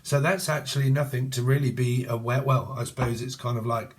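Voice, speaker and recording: A man's voice: medium pitch, steady tone, fairly quick. Blunt, foul-mouthed tarot man. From England. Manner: swears freely and rambles, chatty and blunt. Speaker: tarot reader. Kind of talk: casual tarot reading to camera.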